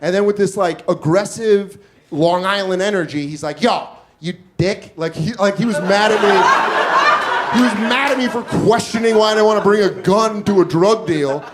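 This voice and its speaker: A man's voice: high voice, normal speed, heavy background noise. A man doing stand-up comedy on a club stage, telling a crude story and acting out other people's lines. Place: comedy club stage before a laughing crowd. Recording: live club with loud crowd laughter.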